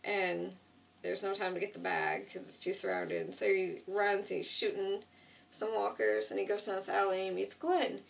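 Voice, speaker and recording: A woman's voice: medium pitch, flat delivery, moderate pace, vocal fry. A woman retelling a TV episode in a casual, rambling way, correcting herself often and filling gaps with "like.". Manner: rambling, self-correcting, lots of 'like'. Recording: distant mic.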